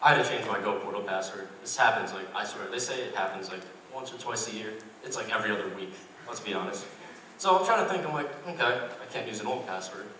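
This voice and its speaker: A young man doing a stand-up comedy set, deadpan and self-deprecating, with lots of "like" fillers. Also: on the low side, quick pace, a little hiss or hum. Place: university comedy club stage. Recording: echoey room, mic far off.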